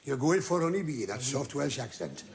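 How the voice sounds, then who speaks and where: A man hosting a TV game show with wisecracking jokes and drawn-out asides to the audience. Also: mid-range voice, sing-song, vocal fry. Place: TV studio with a live audience. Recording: loud studio audience and noise from an old TV broadcast.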